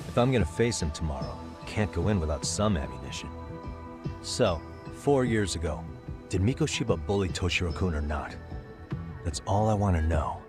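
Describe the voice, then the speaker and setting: A man voicing a calm, persistent detective who presses a witness with steady questions. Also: sits low, moderate pace, music in the background. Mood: pressing. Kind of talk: game voice acting.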